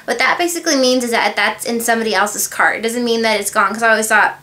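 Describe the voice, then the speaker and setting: Bright-voiced chatty woman vlogger. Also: fairly high pitch, fast talker. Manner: rambling, chatty, full of filler words and asides. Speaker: beauty vlogger. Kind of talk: casual haul review chat.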